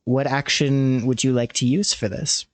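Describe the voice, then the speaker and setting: A man running a tabletop game as game master, narrating slowly with frequent fillers. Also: mid-range voice, fairly even intonation, no echo. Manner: slow, measured with many fillers.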